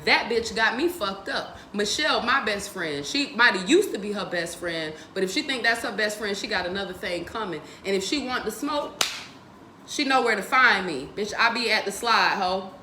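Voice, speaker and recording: Animated, foul-mouthed woman storyteller. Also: mid-range voice, normal speed, reverberant, slight background noise. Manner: animated, profane, laughs a lot. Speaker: host of a book reading stream. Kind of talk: casual storytelling and book discussion.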